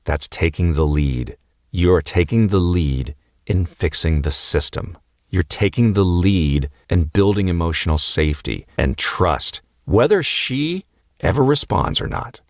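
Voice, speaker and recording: A man coaching husbands on marriage, speaking calmly and earnestly and repeating key phrases for emphasis. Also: low-pitched, measured pace, dry recording, studio quality. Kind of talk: motivational advice talk to husbands.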